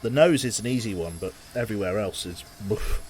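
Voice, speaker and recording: A man casually commentating his game on a live stream, thinking out loud and talking to his chat. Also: lowish voice, expressive, fairly quick, slight background noise. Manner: chatty, thinks aloud, talks to chat.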